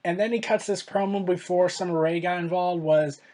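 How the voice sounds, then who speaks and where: Opinionated vlogger, exasperated, rambles and self-corrects, mid-pitched voice. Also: fairly even intonation, normal speed, darkish tone. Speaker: wrestling commentary vlogger. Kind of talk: casual opinionated commentary.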